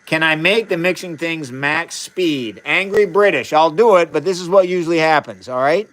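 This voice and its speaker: A bit bright and slightly high for a male voice, this live-stream host talks at a moderate pace from his chemistry lab. He walks viewers through each experimental step in a casual science stream, keeping up a friendly chat and calling people by name.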